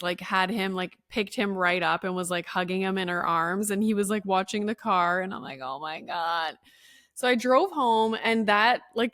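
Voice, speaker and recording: A woman's voice: mid-range voice, a bit bright, dry recording, clean studio sound. A woman in her thirties hosting a podcast at home, telling a story in casual, rambling talk full of "like" and acting out what people said. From Canada. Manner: chatty, many "like"s, acts out quoted voices. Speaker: podcast host. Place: room at home.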